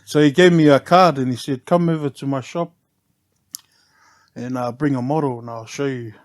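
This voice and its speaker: A middle-aged man with a New Zealand accent talks easily about his life as a barber. His speech is relaxed and loose, peppered with laughs and a habitual "eh" at the ends of phrases. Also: medium pitch, moderate pace. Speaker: podcast guest, barber. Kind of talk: casual storytelling interview.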